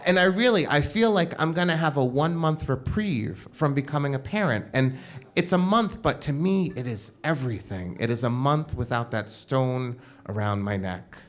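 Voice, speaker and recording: A man's voice: mid-range voice, lively intonation, normal speed. A man telling a personal story on stage at a live show, casual and comic, with frequent "like" fillers. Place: live show at a club venue.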